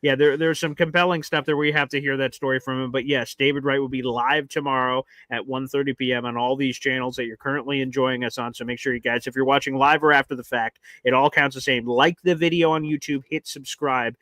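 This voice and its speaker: A young man co-hosting a sports talk show, briskly plugging upcoming guests and correcting himself as he goes. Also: medium pitch, fairly even intonation, a bit bright, no room sound. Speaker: co-host.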